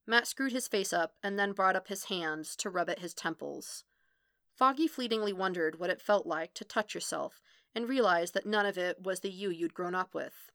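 A woman narrating a fan fiction audiobook with expressive reading that quickens in the tense passages. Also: on the low side, no echo, studio quality. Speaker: podfic reader.

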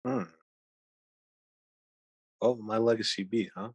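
A man's voice: lowish voice, level tone, unhurried, breathy edge, no echo. A man being interviewed as a podcast guest, earnest and upbeat. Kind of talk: interview answers.

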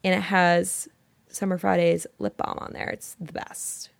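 A woman's voice: lowish voice, level tone, unhurried, vocal fry, no room sound. A young woman co-hosting a podcast, chatting casually and reading a listener story aloud in an easygoing, giggly, candid way. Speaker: podcast co-host. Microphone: studio mic.

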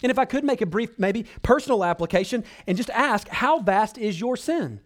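Animated and fairly quick, a male pastor preaches, addressing his congregation earnestly as brothers and sisters. His voice swings from loud pleading to hushed, low passages.

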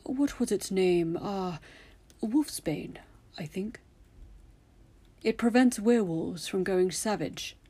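A woman voicing an elderly male headmaster, calm and commanding, speaking softly and often in a whisper in a storybook reading. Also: mid-range voice, breathy edge. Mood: coaxing. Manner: soft, measured, often whispered.

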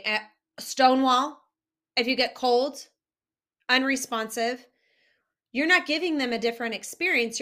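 A woman's voice: on the high side, fairly bright tone. A woman coaching couples, talking earnestly and directly to the listener about healing a marriage. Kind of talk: direct-to-camera advice talk.

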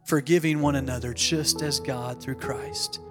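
A man's voice: mid-range voice, fairly even intonation, a little slow, over music. A man, a pastor, preaching a sermon and telling a story with dramatic emphasis, acting out the voices of the people in it.

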